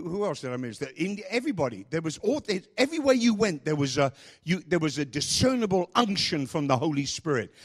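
A male pastor preaching a sermon, emphatic and repeating phrases, with rambling asides. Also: fairly high pitch.

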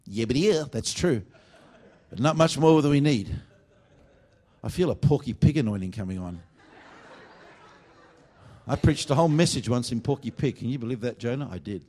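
A male revival preacher delivering a sermon at a church meeting. He lurches from loud, fervent bursts down to low, confiding asides. His voice sits at an ordinary middle pitch. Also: lively intonation, normal speed, long pauses.

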